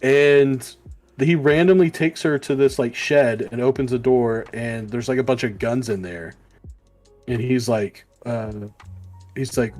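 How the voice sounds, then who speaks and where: A man's voice: medium pitch, unhurried, darkish tone, soft background music. Rambling man reviewing comics. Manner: rambling, many fillers, acts out quoted lines. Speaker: podcast co-host. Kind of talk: casual comic book review chat.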